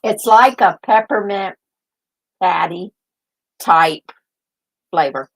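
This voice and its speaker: A woman's voice: mid-range voice, takes it slowly, fairly bright tone. An older woman hosting a casual live stream, rambling and thinking aloud as she chats. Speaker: host.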